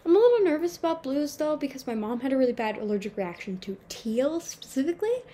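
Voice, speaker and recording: A woman's voice: sits high, very animated, quick pace, background noise. A nineteen-year-old woman chatting casually to her camera at home, rambling, swearing and poking fun at herself. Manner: rambling, swearing, self-mocking. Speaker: vlogger. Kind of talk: casual chat. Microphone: camera mic.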